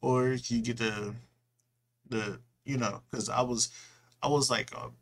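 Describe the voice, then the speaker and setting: A man's voice: mid-range voice, fairly even intonation, measured pace, gravelly, a bit bright. A young man in his twenties from California, rambling and slangy, who swears freely as he comments on a video. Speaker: reaction video host.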